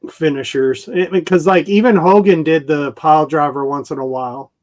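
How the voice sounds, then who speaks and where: A man with a slightly high-pitched voice talks in a relaxed, friendly way on a live stream. He reminisces fondly and often chuckles between thoughts. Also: moderate pace. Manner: easygoing, nostalgic, chuckles often. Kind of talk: casual chat.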